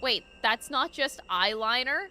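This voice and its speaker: A woman streamer reading game dialogue aloud during a playthrough, expressive, swearing and joking to chat. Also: fairly high pitch, a little slow.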